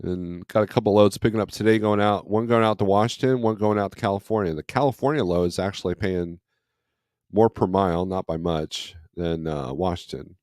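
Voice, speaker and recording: A low-pitched, darkish voice moves along fairly quickly as this trucker hosts a casual morning stream from home rather than from his truck. He rambles and reads viewers' comments aloud, and the studio-quality audio carries no echo.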